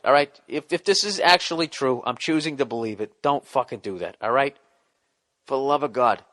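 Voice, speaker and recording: A man in his fifties with a Boston accent, hosting a comedy podcast and giving profane, self-mocking advice, now and then bursting into frustrated yelling. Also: on the high side. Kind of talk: casual comedic advice rant.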